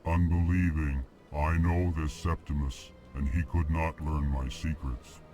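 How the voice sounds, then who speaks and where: An actor playing a huge, emotionless alien diplomat who speaks in a slow, deep monotone and names each emotion before he speaks. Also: faint music behind. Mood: flat monotone.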